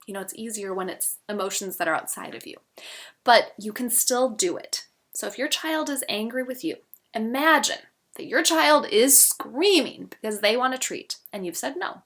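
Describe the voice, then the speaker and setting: Bright-voiced woman teaching parenting. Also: mid-range voice, animated, moderate pace. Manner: gentle, acts out parent and child examples. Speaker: parenting educator. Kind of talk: instructional talk to camera.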